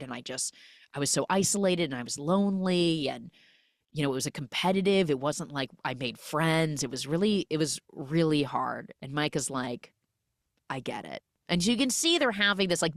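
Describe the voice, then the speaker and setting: Low-voiced woman animatedly retelling a film. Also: no room sound, studio quality. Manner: acts out the characters' lines in quick, lively quoted voices. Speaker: podcast host recapping a film.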